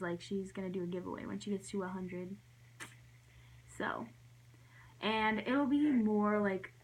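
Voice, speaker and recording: A young woman telling a story in a casual vlog, rambling and giggling, with lots of fillers and soft whispered asides. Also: mid-range voice. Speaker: vlogger.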